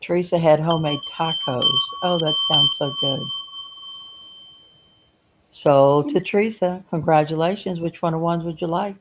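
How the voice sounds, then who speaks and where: A woman's voice: low voice, steady tone, moderate pace, noisy background. A woman co-hosting a live online auction, announcing winners and asking friendly questions. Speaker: auction co-host. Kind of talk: live-stream selling chat.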